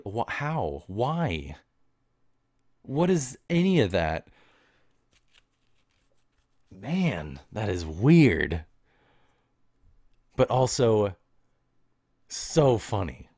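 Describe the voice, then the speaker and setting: A man's voice: fairly low pitch, very animated, drawn-out words, long pauses, mellow, no echo, studio quality. A man hosting a podcast, telling loose, meandering stories in casual slang and often laughing at himself. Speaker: podcast host. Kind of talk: casual rambling monologue.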